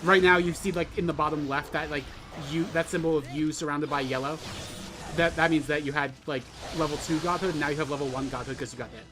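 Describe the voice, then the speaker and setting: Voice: mid-range voice, fast, noisy background. A co-host with a New Jersey accent, coaching a new player and joking insistently. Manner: animated, loudly insistent jokes. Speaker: co-host of a game stream. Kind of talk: casual gaming chat.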